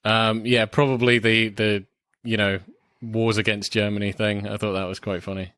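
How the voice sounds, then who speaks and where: A man co-hosting a casual film podcast, talking haltingly with many fillers. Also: fairly low pitch, flat delivery, a bit bright, smooth, no room sound, studio quality. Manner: halting, lots of fillers and swearing. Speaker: podcast co-host. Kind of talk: casual film review chat.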